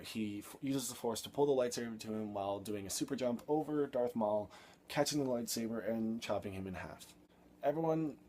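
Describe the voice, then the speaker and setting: A man's voice: on the low side, mellow, a little hiss or hum. A young man reviewing a film in an exasperated, sarcastic rant, swearing freely.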